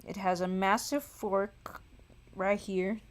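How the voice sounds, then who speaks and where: A woman's voice: mid-range voice, level tone, slow, slight background noise. A woman hosting a livestream who thinks aloud in casual chat as she draws, tired, sighing and poking fun at herself. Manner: thinks aloud, self-mocking, sighs. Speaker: livestream host and singer.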